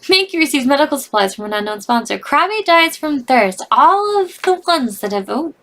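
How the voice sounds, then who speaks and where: A woman's voice: high voice, big pitch swings, normal speed, fairly bright tone. A young woman reading out a game's results and reacting to them with cries and laughter in casual commentary. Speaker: gaming video host.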